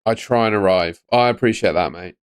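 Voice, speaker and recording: A young man talks through fantasy football picks on a live stream, chatty and relaxed as he answers his viewers. His voice sits fairly low and the studio mic sound is dry and close, with little room around it. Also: brisk, smooth, dry recording. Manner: chatty, answers chat messages. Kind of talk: casual live-stream commentary. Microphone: studio microphone on stand.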